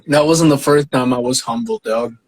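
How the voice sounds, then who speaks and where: A man's voice: normal speed, rough recording. A man with a Southern US accent, a guest artist, telling a profane, laughing story. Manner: profane, laughing, quotes others in high voices. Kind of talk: animated storytelling.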